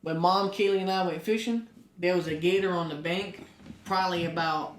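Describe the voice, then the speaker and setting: Animated man in an echoey room. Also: sits high, moderate pace. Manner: animated storyteller, rising loud for punchlines. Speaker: podcast co-host. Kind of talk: casual chat.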